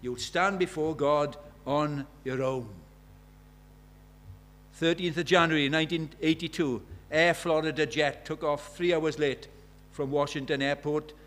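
Older guy preaching, fired up, goes quiet then loud, voice sits a bit high. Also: fairly even intonation, unhurried. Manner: impassioned, swings from hushed to loud. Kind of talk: evangelistic sermon.

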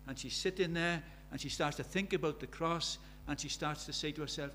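A man's voice: a little high, a little fast, hardly any pauses, pushed and bright, faint music behind. A British man preaching a sermon, telling stories with emphasis and repeating key phrases.

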